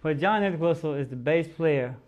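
A man's voice: on the high side, moderate pace, phone-quality sound, very noisy. A man telling a long anecdote in a TV studio interview, acting out the voices of people in his story and laughing often. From United States. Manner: animated, acts out quotes, laughs often. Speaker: guest musician. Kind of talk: casual storytelling.

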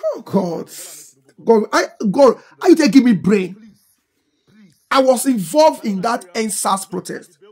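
A middle-aged Nigerian woman speaks in a thick Pidgin English accent, her voice pitched high and husky. She lectures and scolds with fervour, firing off one rhetorical question after another as she comments on current affairs. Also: lively intonation, normal speed, mellow. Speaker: social media commentator. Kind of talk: impassioned political commentary.

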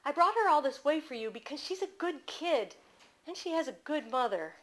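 A woman's voice: sits high, sing-song, normal speed, a bit bright, voice pushed up. A woman reading aloud voices a worn-out, blunt middle-aged woman who speaks in short, weary sentences. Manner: weary, terse.

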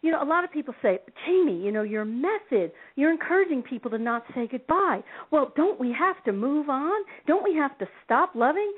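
A woman guest on a radio call-in show, telling stories in an animated way and laughing often. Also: high voice, fairly quick, hardly any pauses. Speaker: relationship expert guest. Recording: tinny phone-line sound.

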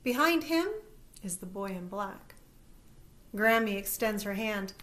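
A woman narrating a first-person story as an audiobook, in a lively, expressive way. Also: mid-range voice, a little slow.

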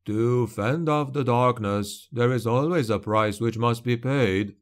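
A man voicing a cunning male steward who speaks in a quiet, measured, cautioning tone. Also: mid-range voice, natural voice. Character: cunning middle-aged male steward, calm and warning.

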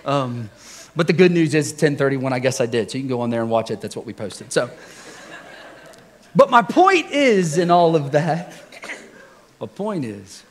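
A man preaching a relaxed, conversational sermon to his congregation, telling personal stories with frequent chuckles and questions to the crowd. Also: medium pitch. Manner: jokey, chuckles often, asks the congregation questions. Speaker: pastor. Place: church service before a congregation.

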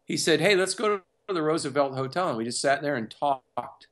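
Animated man telling a studio story. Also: on the high side, a little fast. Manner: animated storyteller who acts out other people's lines. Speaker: music producer and composer. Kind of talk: storytelling in an interview.

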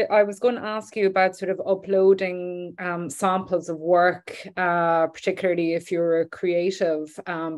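A woman's voice: on the low side, a little mellow. A woman moderating an online session, relaying audience questions hesitantly over a video call. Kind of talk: moderating a live webinar.

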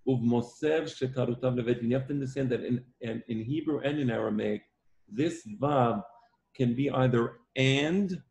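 Gravelly man teaching a talmud class. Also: mid-range voice, darkish tone. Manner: emphatic, repeats himself, stresses points with "right?". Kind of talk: online Talmud lesson.

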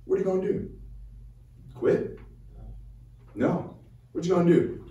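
A man's voice: a little high, animated, unhurried, pauses often, warm tone. Fired-up young man in an echoey hall. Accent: Chicago. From Chicago, USA. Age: 20s. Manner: fired-up, preacher-like call and response. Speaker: medical student speaking to high schoolers. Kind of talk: motivational speech. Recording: roomy echo, from far off.

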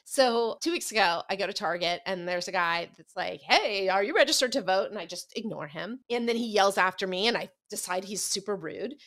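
A woman author as an interview guest, telling stories in a lively way and acting out what people said. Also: medium pitch, fairly quick, hardly any pauses. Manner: storytelling, lively, acts out quoted voices. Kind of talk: casual interview chat.

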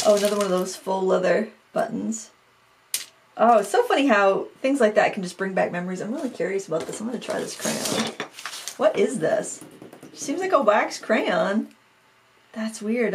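Chatty woman with a gravelly edge. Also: on the high side, noisy background. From Maine. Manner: chatty and self-mocking, thinking aloud. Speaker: craft vlogger. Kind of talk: casual chat.

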